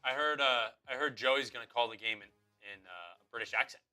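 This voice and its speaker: A man's voice: medium pitch, brisk, bright, forceful tone, clear, resonant tone, faint music behind. A man co-hosting a sports chat, talking loosely with lots of fillers. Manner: loose, filler-heavy, says like a lot. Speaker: co-host.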